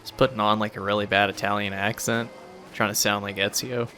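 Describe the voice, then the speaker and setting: Dude rambling over his game, low voice, bright edge, swings around a lot. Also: little pitch movement, fairly quick, faint music behind. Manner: casual, rambling, profane. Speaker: gameplay commentator. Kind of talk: casual let's play commentary.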